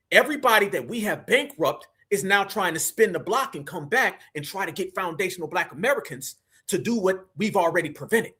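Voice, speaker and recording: A man's voice: sits high, bright, forceful tone. A man hosting a live stream, talking in a fiery, preachy way and calling his viewers family. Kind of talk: heated live commentary.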